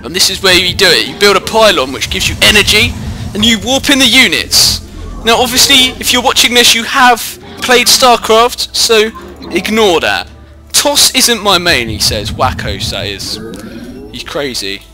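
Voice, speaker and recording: A man's voice: high voice, lively intonation, normal speed, music in the background. A young British man in his teens giving jokey, rambling live commentary on a strategy game into a headset mic. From Britain. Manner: jokey, rambling, self-mocking. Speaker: gameplay commentator. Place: indoors at home, away from the usual recording spot.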